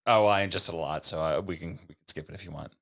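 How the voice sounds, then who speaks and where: A young man with a low voice, appearing as a guest on a casual podcast. He teases with dry humor and rattles off items in rapid-fire lists. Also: gravelly, a bit bright. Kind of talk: casual chat.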